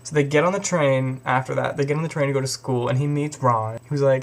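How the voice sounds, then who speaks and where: A man's voice: medium pitch, steady tone, quick pace. A young man casually retelling a story in a rambling, profane way. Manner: rambling, profane, lots of fillers. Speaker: video host.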